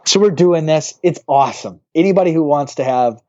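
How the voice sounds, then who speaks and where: A man, a pastor, telling a personal story as a guest on a podcast, animated and acting out the voices of people in it. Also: a little high, fairly quick, dull audio. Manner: animated storyteller who acts out quoted voices.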